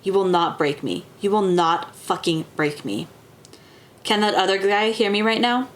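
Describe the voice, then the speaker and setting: A woman's voice: medium pitch, moderate pace, a little hiss or hum, lightly acted. A woman voicing a stubborn, defiant man who swears bluntly.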